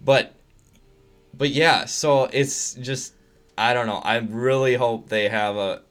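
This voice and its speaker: A man's voice: mid-range voice, slow pace, a bit bright. A man co-hosting a podcast, chatting casually about movies and shows, laughing often and trailing off. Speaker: podcast co-host. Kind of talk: casual chat.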